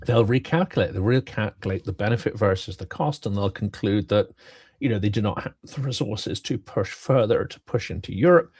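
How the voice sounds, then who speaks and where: A man co-hosting a political talk show, measured and emphatic, his voice worn from talking. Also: lowish voice, darkish tone, husky, no echo. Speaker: co-host. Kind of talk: political commentary.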